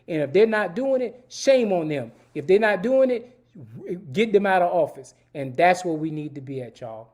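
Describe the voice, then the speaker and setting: A man's voice: high-pitched, darkish tone. A middle-aged man hosting a live-stream talk show, speaking in an emphatic, preachy way, repeating words and calling out to viewers as y'all. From Savannah, Georgia, US. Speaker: host.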